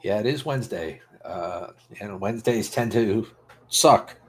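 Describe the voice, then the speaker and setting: A man's voice: fairly low pitch, animated, a little slow. A man in his fifties from Rhode Island, hosting a casual livestream chat in a rambling, self-deprecating way that often trails off. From Rhode Island, USA. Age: 50s. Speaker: livestream host.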